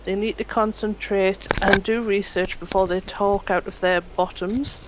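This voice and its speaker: A woman reading out viewer comments on a casual panel show, brisk and lightly amused. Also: mid-range voice, fairly even intonation, over a noisy crowd, rough recording. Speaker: chat reader.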